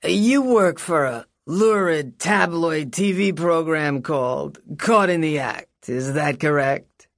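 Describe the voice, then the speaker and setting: A woman's voice: low voice, slow pace, hardly any pauses, no room sound, clean studio sound. A woman voicing a flamboyant, theatrical male defense lawyer with a silky, mocking drawl, in an audiobook. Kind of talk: audiobook character voice.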